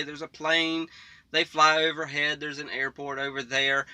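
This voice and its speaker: A man's voice: on the high side, pushed and bright, no echo. A man hosting a reaction video from the back of his parked semi truck, chatting casually and rambling with frequent chuckles.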